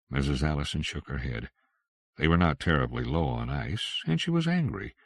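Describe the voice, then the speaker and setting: A man narrating an audiobook in an expressive storytelling manner on a close microphone. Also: rumbling low, normal speed, vocal fry, breathy edge, no echo. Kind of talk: scripted narration.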